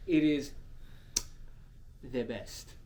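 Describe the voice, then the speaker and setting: A man co-hosting a podcast in crude casual chat, cursing and laughing often, swinging between loud and soft. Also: medium pitch, extremely slow, a little hiss or hum. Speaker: podcast co-host.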